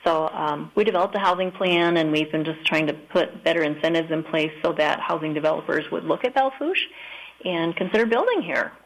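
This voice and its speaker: A woman from South Dakota speaks as a radio guest in a studio, her voice a little low for a woman. She is friendly and earnest, and often pauses with little fillers. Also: rough recording. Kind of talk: radio interview answers.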